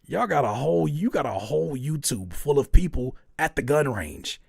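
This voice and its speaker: A man hosting a live music critique show, ranting with animated, exasperated humor. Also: on the high side, moderate pace, vocal fry, slightly rough, no echo, clean studio sound. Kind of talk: livestream music feedback, casual and comedic.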